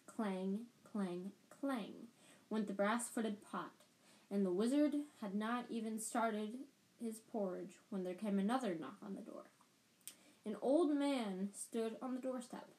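A woman's voice: mid-range voice, a little slow, a little mellow, rough recording. A woman reading a storybook aloud, often stumbling and restarting words. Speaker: podcast storyteller.

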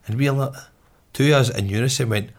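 A man's voice: medium pitch, fast. A man with a Glaswegian accent telling a story in casual chat, laughing often and swearing freely. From Glasgow, Scotland.

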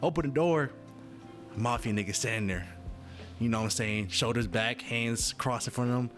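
A man's voice: mid-range voice, moderate pace, a bit bright, faint music behind. A man talking casually to his viewers in a rambling, profane monologue that keeps interrupting itself. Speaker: vlogger.

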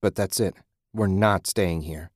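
A man voicing a calm, firm male companion in an audiobook. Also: low-pitched, unhurried, no room sound, studio quality.

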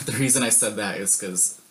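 A man's voice: lowish voice, moderate pace, background noise. A young man co-hosting a podcast, reading history facts in casual chat with joking, rambling asides. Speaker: podcast co-host.

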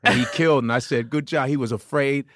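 A man guest on a podcast, a comedian telling profane, animated stories in casual chat and putting on voices of the people in them. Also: medium pitch, fast talker.

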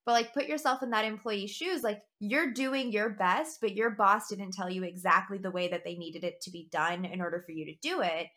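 Bright, forceful woman manager; blunt, profane casual talk. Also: medium pitch, a little fast, few pauses. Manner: blunt, swears freely, animated. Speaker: new manager. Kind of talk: casual chat.

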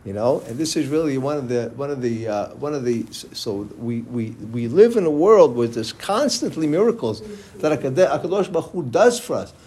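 Leading a Torah class, a man with a mid-range, dark, slightly breathy voice loosely recounts religious stories. He restarts often and drops Hebrew words throughout.

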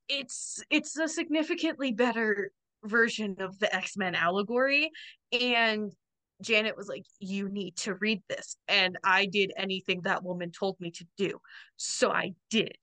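Woman, young adult, podcast co-host, casual chat, bright tone, laughs often. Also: medium pitch. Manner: chatty, laughs often, quotes friends in quick asides.

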